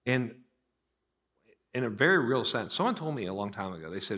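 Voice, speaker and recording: A man in his thirties from Pittsburgh preaching a sermon as pastor, moving between loud, emphatic bursts and slow, quiet lines. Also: on the low side, big pitch swings.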